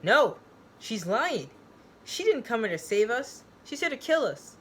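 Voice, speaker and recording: A woman reading a story aloud, voicing a panicked young man who shouts accusations. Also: medium pitch, brisk, a little hiss or hum, voice pushed up, close to an everyday voice. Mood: frantic.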